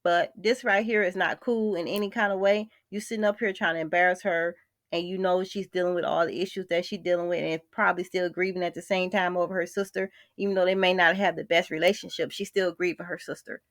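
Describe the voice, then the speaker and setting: A woman's voice: lowish voice, fairly even intonation, a little fast, fairly bright tone, dry recording, studio quality. A woman vlogger, talking bluntly and with exasperation straight to her viewers in a gossip commentary.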